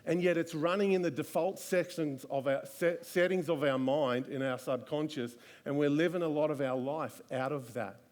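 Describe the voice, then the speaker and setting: Earnest preacher, slightly high voice. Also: male voice, normal speed, few pauses, darkish tone. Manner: earnest, repetitive, rhetorical questions. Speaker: pastor. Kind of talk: live sermon. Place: church service.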